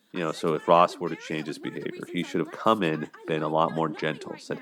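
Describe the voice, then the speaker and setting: A man's voice: very deep voice, brisk, few pauses, fairly bright tone. A man giving casual, rambling commentary on a TV couple's fights, with many fillers, sometimes acting out their lines. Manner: rambling, frequent fillers, acts out quotes. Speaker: relationship commentator.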